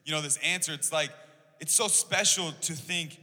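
A young man chatting about church outreach, excitable and full of "like" and "you know". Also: on the high side, moderate pace, big-room sound. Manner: excitable, heavy use of "like". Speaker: church volunteer. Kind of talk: casual church podcast chat.

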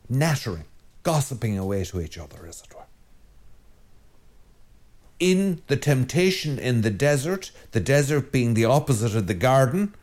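An Irish priest giving a Sunday homily in a conversational, digressive way, repeating phrases for emphasis. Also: male voice, medium pitch, a little mellow.

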